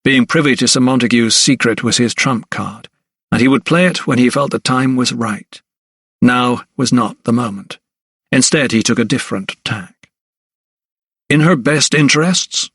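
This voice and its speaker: A male narrator reads a historical mystery in a measured, even manner. His voice sits in a middle register and is recorded dry and close on a studio mic. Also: medium pitch, husky, no echo. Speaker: audiobook narrator. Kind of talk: scripted narration.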